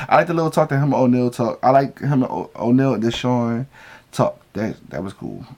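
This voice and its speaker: A man's voice: medium pitch, vocal fry. A man recapping a reality show in a casual vlog, telling it as profane, gossipy stories and acting out what people said. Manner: acts out quoted lines.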